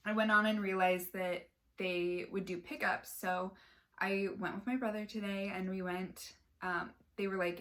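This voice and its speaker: A woman's voice: medium pitch, fairly bright tone. A young woman from Sacramento, California, chatting casually through a shopping haul vlog, rambling with lots of fillers and "like". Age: young adult. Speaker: vlogger.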